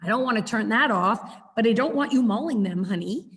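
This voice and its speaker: A woman dog trainer teaching a webinar over a video call, chatty and lively, repeating words for emphasis. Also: fairly high pitch, fairly quick. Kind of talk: webinar lesson. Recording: echoey video call audio.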